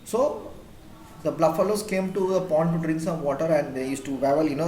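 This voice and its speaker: A male teacher telling an animal fable to his class, lively and expressive, in an echoey room. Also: fairly high pitch, fairly quick. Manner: animated, voice rises and drops for characters. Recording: echoey room, faint hiss.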